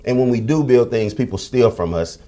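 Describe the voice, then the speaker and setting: A middle-aged man talking candidly as an interview guest. His storytelling is lively and blunt, peppered with slang and swearing, and he speaks at a middle pitch. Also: brisk. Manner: frank, animated storytelling with profanity and slang. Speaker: podcast guest.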